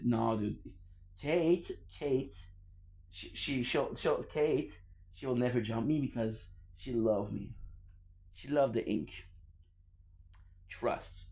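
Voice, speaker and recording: A man's voice: mid-range voice, a little mellow. A young adult man chatting casually on a gaming stream, rambling and playful, laughing often.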